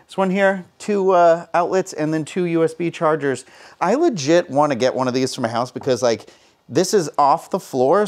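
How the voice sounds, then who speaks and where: A young man casually giving a hotel room tour, chatty and jokey with self-mocking asides. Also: a little high. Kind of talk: casual walk-through vlog.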